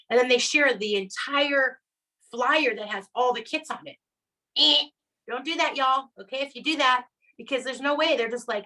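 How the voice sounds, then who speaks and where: A woman's voice: sits high, animated, normal speed, bright, forceful tone, low-quality recording. A middle-aged woman, a sales director, giving her team a chatty, upbeat coaching talk and checking in with "right?" and "okay?" all the time. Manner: acts out quoted customers in put-on voices.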